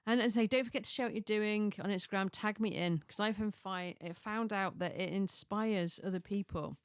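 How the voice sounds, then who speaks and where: A woman's voice: mid-range voice, moderate pace, smooth, no room sound, studio quality. A middle-aged woman from Chester, chatting casually through a list of ideas, rambling and restarting with chuckling asides. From Chester, England. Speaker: lifestyle vlogger.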